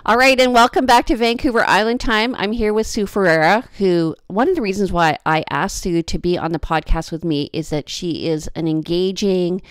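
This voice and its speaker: A woman's voice: lowish voice, moderate pace, few pauses, clean tone, no echo, clean studio sound. A woman hosting a podcast, introducing her guest in an upbeat, chatty way. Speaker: podcast host. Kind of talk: podcast interview.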